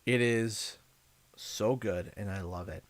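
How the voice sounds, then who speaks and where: A young man, hosting a gaming livestream and chatting with viewers in a jokey, animated way. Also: fairly low pitch, slow. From Canada. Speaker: livestream host. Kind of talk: casual gaming livestream chat. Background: game music.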